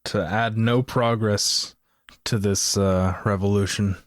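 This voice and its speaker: A man co-hosting a podcast in playful, teasing chat, quick to laugh. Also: on the low side, fairly even intonation, no room sound, clean studio sound. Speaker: podcast co-host. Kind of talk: casual chat.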